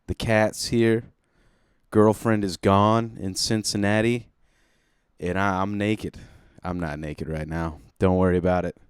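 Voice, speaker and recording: A man's voice: fairly low pitch, a little mellow, smooth, dry recording, studio quality. A young man doing a solo comedy podcast from home, rambling, self-deprecating and swearing casually.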